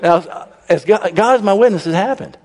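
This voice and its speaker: A man telling a humorous personal story to a congregation, animated and acting out the people he quotes. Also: sits high, moderate pace, a crowd in the background. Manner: animated, raises his voice when he quotes people. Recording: long reverb in a large hall.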